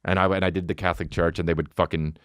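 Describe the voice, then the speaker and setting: A man hosting his podcast as a comedian, ranting in an animated, profane way with sudden high mocking outbursts. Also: very fast, clean tone, dry recording, studio quality. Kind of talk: comedic rant.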